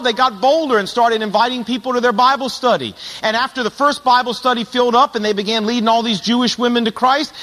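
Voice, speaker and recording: A man's voice: very high-pitched, pushed and bright, long reverb tail. A middle-aged male pastor telling stories in a sermon, animatedly acting out the voices of the people in them. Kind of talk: sermon storytelling.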